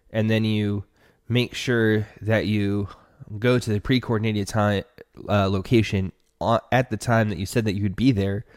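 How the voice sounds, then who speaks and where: Man, podcast host, casual advice talk, earnest, fairly low voice, dry recording. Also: no room sound. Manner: earnest, conversational, talks straight to the listener.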